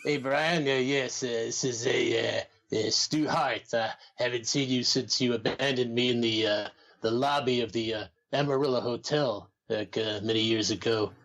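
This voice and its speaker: A man doing a gravelly rambling old trainer. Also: medium pitch, a bit bright, voice pushed down, close to an everyday voice. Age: older. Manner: slow, halting, full of uh's. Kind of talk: comedy podcast impression.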